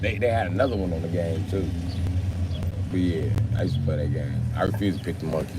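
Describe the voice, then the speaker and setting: A man's voice: low voice, fast talker, heavy background noise. Crude rambling man streaming live. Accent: Milwaukee, Wisconsin. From Wisconsin. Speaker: livestream host. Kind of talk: casual livestream chat.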